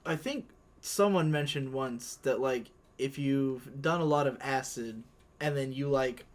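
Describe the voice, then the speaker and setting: A young man in casual chat who reacts with laughs and quick questions. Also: medium pitch.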